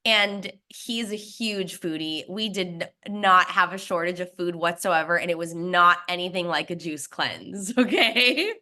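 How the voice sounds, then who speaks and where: A woman's voice: fairly low pitch, a little slow, hardly any pauses. A young adult woman telling her story as an interview guest, chatty and often laughing. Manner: chatty, laughs often, quotes others in lively asides. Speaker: guest, snack brand founder.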